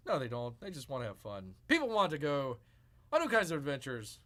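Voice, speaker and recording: Animated, bright-voiced male streamer. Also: mid-range voice, a little fast. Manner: sarcastic, animated, mock-exasperated reactions. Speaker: streamer host. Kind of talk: live-stream commentary.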